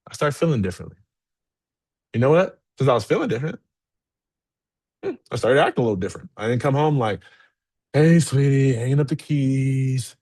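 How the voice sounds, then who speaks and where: A man giving a motivational talk as keynote speaker to a live audience, candid and energetic, often checking in with "okay?". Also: medium pitch, fast talker, long pauses, slightly rough. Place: event room with a live audience.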